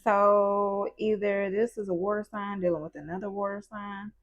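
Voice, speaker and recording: Reading tarot cards in a loose, playful way, this woman talks with lots of slang and asides and slips into small quoted voices now and then. She speaks at medium pitch with fairly even intonation and a moderate pace, on dull-sounding audio.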